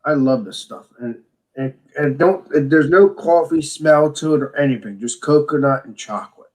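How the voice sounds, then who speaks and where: A man's voice: fairly high pitch, moderate pace, darkish tone. A man co-hosting a casual beer tasting chat, talking with enthusiasm and rambling restarts. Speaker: beer reviewer co-host.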